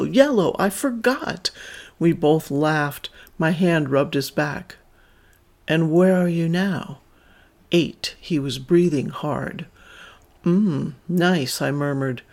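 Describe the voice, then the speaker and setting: A man reading a first-person story aloud in a calm, measured, intimate way. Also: on the high side, vocal fry.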